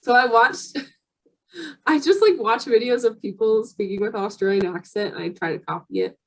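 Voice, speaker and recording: A woman's voice: a little high, moderate pace, poor audio. A woman from the United States co-hosting a podcast in casual chat, talking chattily and laughing often. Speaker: podcast co-host.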